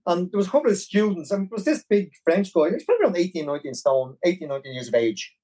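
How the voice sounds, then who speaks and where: A man with a Dublin Irish accent, a podcast guest telling a long story in a rambling, animated way. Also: high-pitched, very fast, low-quality recording. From Ireland. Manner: animated, rambling, with many restarts. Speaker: podcast guest, marathon runner. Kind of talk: casual storytelling.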